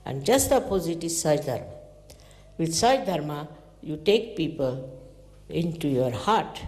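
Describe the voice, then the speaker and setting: A woman giving a spiritual talk to followers, telling stories in an animated way, her pitch leaping up and dropping low. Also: a little slow. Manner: animated storytelling with sudden pitch jumps. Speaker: spiritual teacher. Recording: echoey hall recording.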